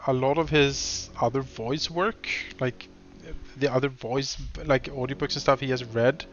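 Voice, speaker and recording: A man chatting casually as co-host of a game let's play, an animated storyteller who rambles and restarts often. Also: mid-range voice, a little slow, highs cut off, faint music behind. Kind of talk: casual gaming chat.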